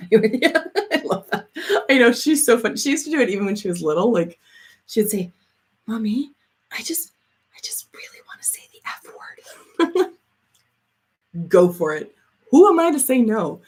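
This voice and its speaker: Casual, swearing woman chatting on a livestream. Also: lowish voice. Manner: swears freely, frequent laughs, reads out chat comments. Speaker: streamer chatting with live viewers.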